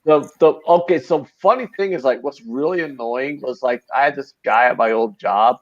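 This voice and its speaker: A man's voice: mid-range voice, normal speed, highs cut off. A man hosting a sports betting live stream, telling stories in casual, profane banter. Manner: profane, animated storytelling. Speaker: sports betting show host.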